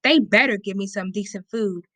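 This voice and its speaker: A woman's voice: mid-range voice, moderate pace, sharp tone, no echo, lightly acted. A woman voicing a bossy, bullying teenage girl in an audiobook reading, with a demanding, threatening delivery.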